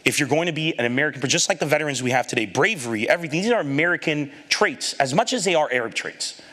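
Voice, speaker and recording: A man with a bright, forceful, slightly high voice tells a funny story in an animated way. He gives the people in his anecdote their own voices and laughs at his own lines as he goes. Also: fast. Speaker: comedian giving a talk. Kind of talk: storytelling stand-up talk.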